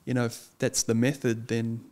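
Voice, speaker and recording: A young man, a guest chatting casually in an interview, earnest and hesitant, often pausing with ums. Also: mid-range voice, little pitch movement, darkish tone. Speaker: guest, lawyer and wrestler.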